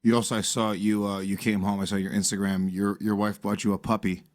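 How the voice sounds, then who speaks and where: A man's voice: lowish voice, flat delivery, a little fast, darkish tone, no echo, clean studio sound. A man co-hosting a casual chat, teasing and joking with frequent swearing. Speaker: podcast co-host.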